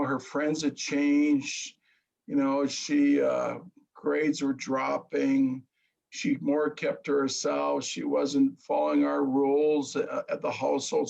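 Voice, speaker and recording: A middle-aged man telling his story earnestly in casual chat, halting and restarting. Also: on the high side, gravelly, darkish tone, muffled recording. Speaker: guest.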